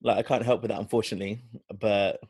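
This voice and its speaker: A man's voice: lowish voice, fairly even intonation, fast, a little mellow, slightly rough, no echo. A man co-hosting a podcast, trading teasing banter in casual chat. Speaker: podcast co-host.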